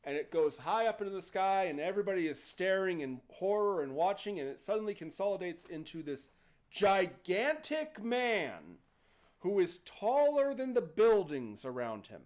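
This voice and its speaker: A man's voice: high-pitched, moderate pace. A man hosting a livestream, casually retelling a story and acting out the characters. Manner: animated, playful, acts out characters. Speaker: host.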